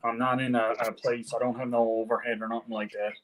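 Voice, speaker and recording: A man's voice: mid-range voice, level tone, quick pace, very noisy. Easygoing man chatting about tattoos. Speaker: hobby tattoo artist. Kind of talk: casual chat on a live call.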